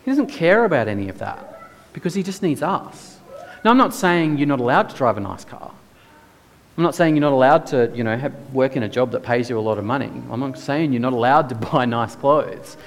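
A man's voice: medium pitch, fairly quick, long reverb tail. A man preaching a sermon in a church, earnest and emphatic, firing off rhetorical questions.

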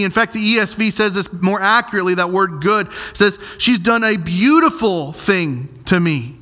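Bright, high-voiced man preaching earnestly. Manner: earnest, emphatic preaching with slow, stressed repetitions. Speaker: pastor. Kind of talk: sermon.

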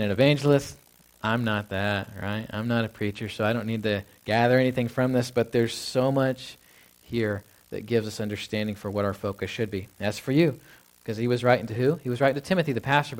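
A man preaching a sermon in a conversational way, often asking "right?" and acting out what people say. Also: mid-range voice. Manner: acts out quoted people in a lifted voice. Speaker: pastor.

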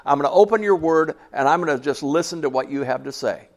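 A pastor in his sixties, whose voice is a little high and fast, preaches a sermon to his church congregation in a folksy, conversational way, frequently asking them questions.

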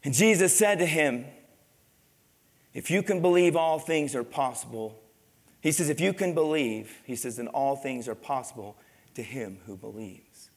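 A man's voice: medium pitch, big-room sound. A man preaching a sermon as pastor, reading scripture and questioning his congregation, his delivery swelling and falling in intensity. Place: church sanctuary.

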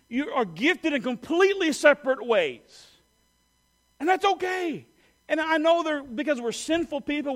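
A man preaching to his congregation in a high, light voice. He talks conversationally, with fillers and quick self-corrections, and has the people repeat lines back to him. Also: fairly bright tone. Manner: leads the congregation in call-and-response repetition. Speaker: pastor. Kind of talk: sermon.

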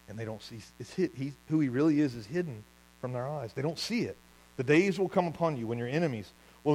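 A man preaching a sermon as pastor, telling stories with lively asides and laughing at his own jokes. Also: medium pitch, poor audio.

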